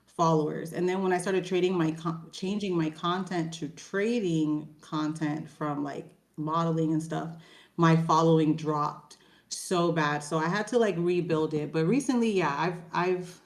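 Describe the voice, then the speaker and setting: A woman's voice: low voice, unhurried. A woman guest on a trading stream, chatting casually and filling her talk with "like". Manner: chatty, says "like" a lot, laughs easily. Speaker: guest trader and content creator. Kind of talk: casual live-stream chat.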